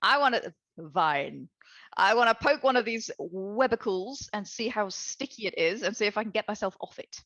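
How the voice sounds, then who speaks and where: A woman's voice: mid-range voice, animated, normal speed, fairly bright tone, no echo, lo-fi sound. A woman playing in a tabletop game, talking in a playful, joking way. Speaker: player. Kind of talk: casual tabletop play.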